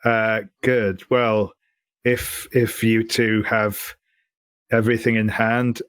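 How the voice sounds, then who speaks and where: A man's voice: on the low side, little pitch movement, slow pace, a bit bright, smooth, dry recording. A man voicing a flustered male camper who stammers politely and nervously. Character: flustered male camper in scout-style khakis.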